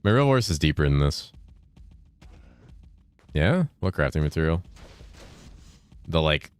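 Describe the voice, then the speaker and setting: Very deep-voiced laid-back man streaming. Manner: laid-back, profane, reads and answers chat while playing; deliberately enunciated speaking voice, lifted inflection. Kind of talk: casual gaming livestream chat.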